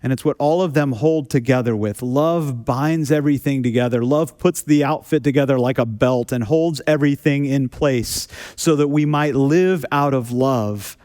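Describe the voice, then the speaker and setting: A man's voice: medium pitch, normal speed, few pauses, a little mellow. A man preaching a sermon as a pastor, talking casually with self-deprecating humor and repeating phrases for emphasis. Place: church sanctuary.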